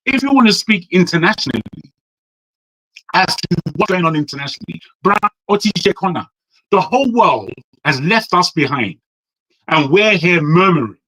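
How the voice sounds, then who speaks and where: A man's voice: high-pitched, big pitch swings, moderate pace, pushed and bright, dry recording, rough recording. A man from Nigeria, hectoring a panel with heated rhetorical questions. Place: living in the West.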